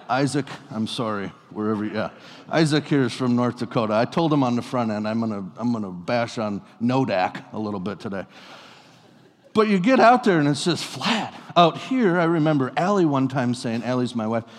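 A man preaching a sermon in a relaxed, conversational way, telling stories with playful asides to his congregation. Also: mid-range voice, moderate pace. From US Pacific Northwest. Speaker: pastor. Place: church sanctuary. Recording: long reverb of a church hall.

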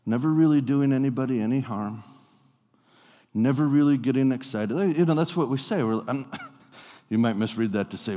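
A male pastor delivers his sermon in an easy, storytelling manner, drifting into playful asides before coming back to his point. His voice sits at an ordinary male pitch. A long reverb from a church hall hangs on every phrase. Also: moderate pace, warm tone. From US Pacific Northwest. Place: church sanctuary.

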